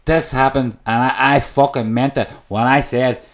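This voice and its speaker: A man's voice: mid-range voice, fairly even intonation, normal speed. An Irish man telling his own story as a podcast guest, raw and emotional and swearing constantly. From Ireland. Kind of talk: candid personal storytelling. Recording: echoey room.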